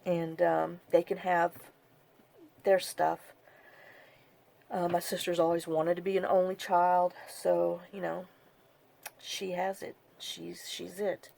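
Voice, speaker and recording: Low gravelly woman. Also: level tone, mellow. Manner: halting, many fillers and repeated "I said". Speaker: craft vlogger. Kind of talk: personal storytelling to camera.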